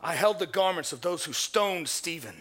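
An actor as Saul, a fervent persecutor turned penitent, telling his story in a high, bright voice. His delivery swings widely, solemn and then swelling, like a stage drama monologue. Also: expressive, moderate pace, slightly rough. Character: Saul, a zealous man recounting his conversion.

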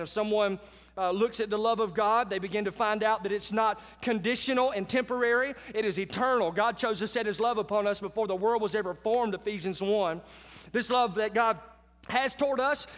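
A high-voiced man delivers a sermon from the pulpit. He keeps a casual, conversational tone but pushes his key lines with force. His voice rings out in a large hall with a long reverb tail. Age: adult with children. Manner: conversational preacher, swings between quiet asides and loud emphatic lines. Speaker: pastor.

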